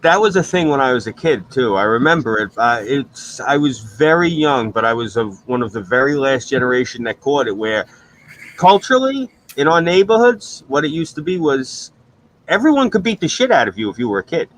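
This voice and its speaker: A middle-aged man, hosting a stream with crude, animated storytelling. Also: medium pitch, fairly quick, a little hiss or hum, poor audio. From New York. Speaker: stream host. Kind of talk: casual profane chat.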